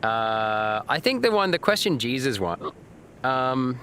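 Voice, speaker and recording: A man's voice: mid-range voice, sing-song, slow pace, fairly bright tone, slight background noise. A man streaming a game live, chatting loosely with viewers and reading out their messages, with lots of fillers and restarts. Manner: rambling, casual, reads and answers chat; frequent fillers and restarts, swears now and then.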